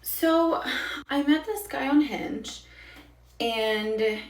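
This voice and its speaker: A woman's voice: sits high, extremely slow. Blunt young woman in an echoey room. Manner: candid and blunt, swears freely, voices other people's lines. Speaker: storytime creator. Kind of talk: casual storytime vlog. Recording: echoey room, mic at a distance.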